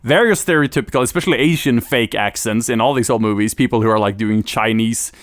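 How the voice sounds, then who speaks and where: A man's voice: medium pitch, quick pace, no room sound, studio quality. A young man from Sweden with a light Swedish accent in English, co-hosting a podcast in a hesitant, self-deprecating way. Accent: light Swedish, mostly American-sounding English. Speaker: podcast co-host. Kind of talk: casual chat.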